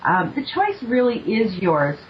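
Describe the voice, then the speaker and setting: A Canadian woman hosting an online talk show as a life coach, excited, a bit nervous and effusive. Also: a little high, a little slow, a little hiss or hum. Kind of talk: casual online radio talk. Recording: dull lo-fi internet radio.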